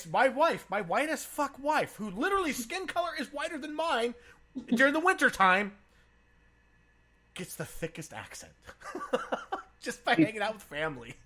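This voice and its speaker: A man hosts a loose, casual podcast conversation with a bright, forceful tone and a voice that sits a bit high for a man. He swears freely and breaks into laughter often. He comes from San Diego. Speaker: podcast host.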